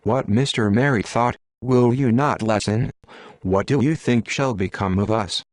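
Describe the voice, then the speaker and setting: A man's voice: medium pitch, measured pace, no room sound, natural voice. A male TTS voice reading a scolding wife. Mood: nagging. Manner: flat machine delivery. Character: scolding middle-aged wife and mother.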